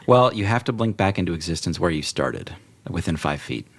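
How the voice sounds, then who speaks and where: A man with a very low voice runs a tabletop game. He narrates scenes in a relaxed, easy way and laughs often. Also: brisk, vocal fry, slightly rough. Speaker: game master.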